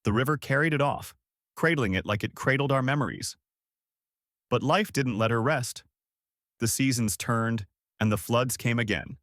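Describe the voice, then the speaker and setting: A man narrating a story in a measured, solemn way. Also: medium pitch, a bit bright, no room sound, studio quality.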